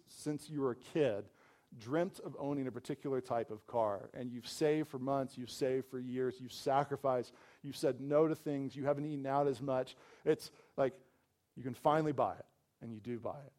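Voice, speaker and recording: A man's voice: medium pitch, a little mellow. A man preaching a sermon in a casual, conversational way, often saying "like" and acting out what people might say. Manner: conversational, full of "like" fillers, acts out quoted voices. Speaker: pastor.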